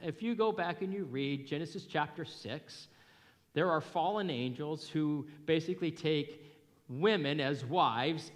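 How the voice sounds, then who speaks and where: Emphatic man preaching in an echoey hall. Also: on the high side. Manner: animated storytelling, emphatic. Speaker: pastor. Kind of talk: sermon. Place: church hall. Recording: long reverb of a hall.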